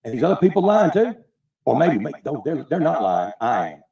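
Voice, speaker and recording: A man's voice: on the high side, big pitch swings, a little fast, creaky, warm tone, recorded from a distance. An angry man ranting profanely in defense of himself on a livestream. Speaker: online streamer defending himself.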